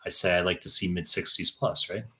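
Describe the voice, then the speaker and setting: A man's voice: deep voice, steady tone, a little fast, bright, forceful tone. A young man tutoring for medical exams on a live stream, reading out chat questions and answering in a blunt, profane, rambling way. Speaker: exam tutor.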